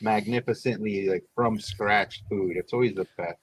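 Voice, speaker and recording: A man's voice: on the low side, fairly even intonation, moderate pace, breathy edge. A man co-hosting a casual livestream, joking and plugging his own writing. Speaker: podcast co-host and writer.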